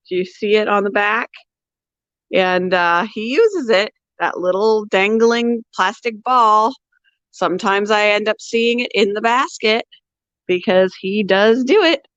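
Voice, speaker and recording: A woman hosting a casual pet livestream at home. She talks softly, sometimes in a whisper, and coos at her animals in baby talk. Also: mid-range voice, unhurried, dry recording, highs cut off. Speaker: pet channel host.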